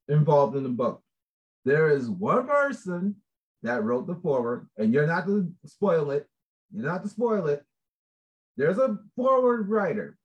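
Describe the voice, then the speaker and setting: A man chatting casually about a book project, rambling, animated and laughing often. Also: mid-range voice. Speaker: book contributor. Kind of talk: casual chat.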